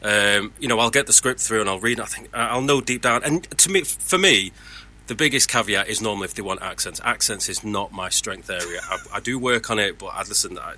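A man's voice: on the low side, brisk, sharp tone. A man who is a voice actor, talking candidly and earnestly about his work in casual chat.

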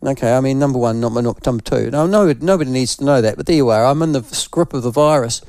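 A man's voice: mid-range voice, fast, darkish tone, dry recording, studio quality. An older man from New Zealand with a New Zealand accent, a radio host telling a rambling, self-mocking story in casual morning chat while unwell with flu.

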